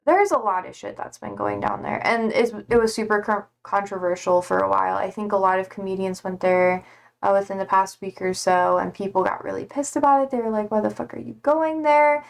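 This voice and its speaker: A woman's voice: mid-range voice, a little fast, creaky. Tired, rambling young woman streamer. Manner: rambling, hesitant, many fillers and swear words. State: tired, slightly hoarse. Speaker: livestreamer. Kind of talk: casual chat reading out viewer comments.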